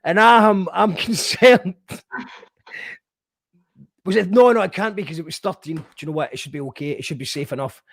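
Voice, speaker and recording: Man, high voice, casual host, rambling, jokey, dry close sound. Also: normal speed, long pauses, a bit bright, dry recording. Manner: rambling, jokey, thinks aloud. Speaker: podcast host. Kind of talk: casual chat.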